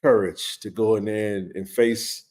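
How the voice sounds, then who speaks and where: A man hosting a live stream, telling a personal story in a loose, animated way with lots of fillers and restarts. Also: on the low side, measured pace. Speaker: livestream host. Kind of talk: casual storytelling to a live chat.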